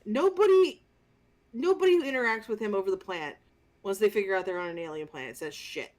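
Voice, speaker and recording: A woman co-hosting a casual movie review podcast, telling the story in an animated, exasperated and profane way. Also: mid-range voice, fairly quick. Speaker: podcast co-host.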